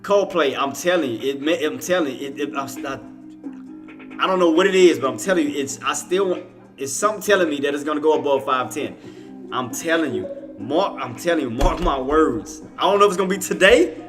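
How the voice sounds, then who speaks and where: A man's voice: fairly high pitch, expressive, moderate pace, music in the background. A man giving casual, rambling live trading commentary, talking to himself, laughing often and using slang. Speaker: stock trading streamer.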